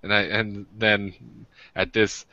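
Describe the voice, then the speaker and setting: A man's voice: lowish voice, little pitch movement, slow, pushed and bright, dry recording, lo-fi sound. An American man co-hosting a podcast, telling rambling, self-deprecating stories in casual chat with many restarts. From United States. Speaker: podcast co-host.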